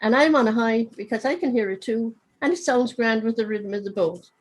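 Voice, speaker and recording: A woman's voice: fairly high pitch, fairly quick, close to an everyday voice, rough recording. A woman with a Cork accent reading aloud from her novel as a dead man who narrates wryly from his urn, over a video call. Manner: wry, chatty storytelling.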